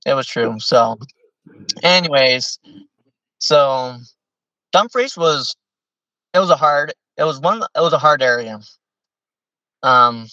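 A man, a podcast guest, telling stories in a rambling, animated, casual way with many fillers. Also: mid-range voice, no room sound, recorded from a distance, highs cut off. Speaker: podcast guest, former missionary. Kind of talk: casual storytelling.

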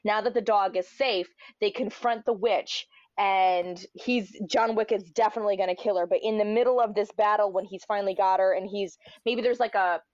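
Woman telling an animated story, dry sound. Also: mid-range voice, moderate pace, dry recording, dull audio. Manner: animated, lots of fillers. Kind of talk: casual chat, improvised storytelling.

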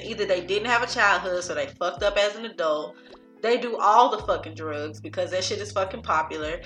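A woman's voice: medium pitch, a bit bright. A young woman hosting a casual, profane chat, blunt and opinionated as she leads the topics. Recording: echoey room.

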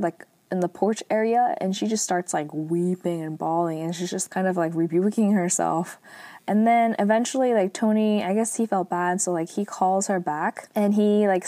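Chatty young woman recapping a drama. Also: no room sound. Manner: chatty, heavy use of "like" and "um"; lively asides, acts out quotes in a higher voice. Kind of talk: casual retelling of a TV drama episode.

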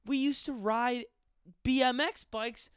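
A man's voice: very high voice, slow, clear, resonant tone, no room sound, clean studio sound. A man in his twenties, a stand-up comedian from western New York, ranting casually with lots of profanity. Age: 20s. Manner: profane, rambling, animated. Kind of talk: casual podcast rant.

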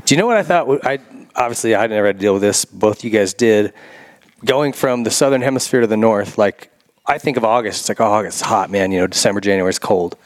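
A man's voice: lowish voice, expressive, fast. A man hosting a casual podcast chat, asking easy follow-up questions.

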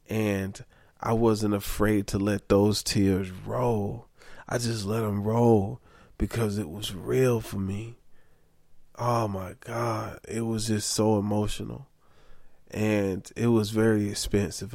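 Sleep-deprived young man, low-pitched, candid casual monologue, dry close sound. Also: little pitch movement, slow pace, creaky, a little mellow, dry recording. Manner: candid, emphatic, says okay often. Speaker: vlogger.

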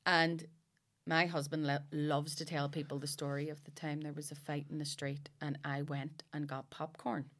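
A woman with a Northern Irish accent telling stories in casual chat, animated and laughing, with frequent swearing. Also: low voice, moderate pace.

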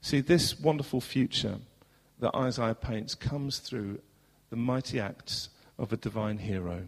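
Southern English pastor in a reverberant church. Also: male voice, medium pitch, unhurried. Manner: earnest, rhetorical questions, swings between loud and hushed. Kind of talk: sermon. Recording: long hall reverb.

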